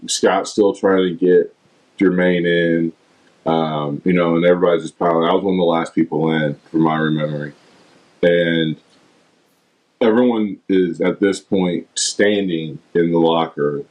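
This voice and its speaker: Middle-aged man, low voice, retired player guest, lively anecdotal storyteller. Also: rough recording. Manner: animated storyteller, acts out teammates' lines. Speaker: former basketball player, guest. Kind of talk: casual storytelling interview.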